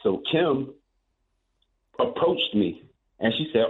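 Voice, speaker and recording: A male caller on a thin, tinny phone line, with a mid-pitched voice. He tells his story in a rambling, animated way, circling back and repeating himself. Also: brisk. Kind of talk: telling a story on a phone call.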